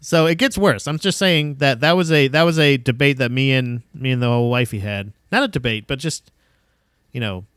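Podcast co-host, male, mid-pitched, loose rambling delivery with casual swearing, dry close mic. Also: moderate pace, a bit bright, dry recording. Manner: rambling, swears freely, many restarts. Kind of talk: casual chat.

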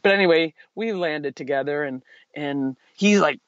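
A man with a high voice tells a story with lots of energy and frequent laughter. He jumps into a higher voice to play his past self. The sound is dry and slightly muffled. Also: normal speed, fairly bright tone, no room sound. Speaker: guest, paraglider. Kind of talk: casual storytelling interview.

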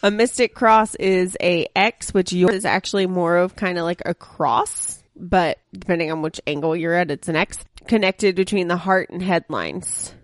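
Low-voiced woman podcast host, laughing. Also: moderate pace, few pauses, no room sound. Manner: chatty, laughs often. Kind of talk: casual chat, reading a palm.

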